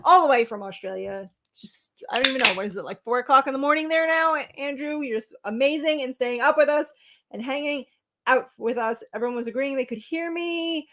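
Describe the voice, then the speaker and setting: A woman's voice: high-pitched, a little fast, bright, forceful tone. Teasing woman greeting livestream chat. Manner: teasing, rambling, reads out viewer names. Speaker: co-host of a livestream show. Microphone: webcam.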